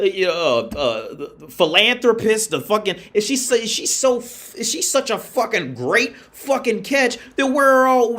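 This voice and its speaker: High-voiced man ranting on a livestream. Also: a bit bright, a little hiss or hum. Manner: emphatic, profane, repeats phrases. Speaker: livestream host.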